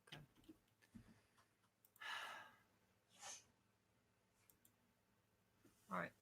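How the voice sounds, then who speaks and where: A woman's voice: extremely slow, sharp tone, a little hiss or hum. A woman streaming live, grumbling in frustration and swearing in casual chat before reading a book aloud.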